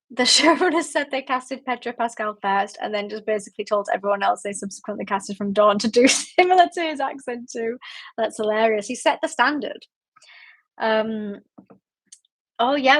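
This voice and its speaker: Woman, book club host, casual livestream chat, rambling, giggly, fairly high voice. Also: fairly bright tone. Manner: chatty, giggly, rambling with many fillers.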